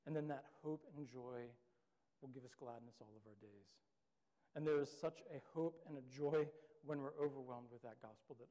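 A young pastor with a fairly high, mellow voice preaches a sermon as loose, chatty storytelling, packed with "like" and other fillers. The large hall adds a long reverb.

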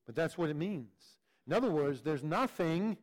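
A man's voice: on the high side, animated, moderate pace. A man preaching a sermon, teaching in an earnest way and often repeating words as he restarts. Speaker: pastor.

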